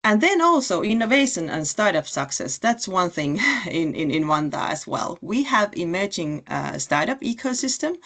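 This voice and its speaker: Low-voiced woman pitching her city. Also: very animated, moderate pace, few pauses, fairly bright tone. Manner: hesitant, many fillers and restarts. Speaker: city representative pitching at a webinar. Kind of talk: presentation pitch.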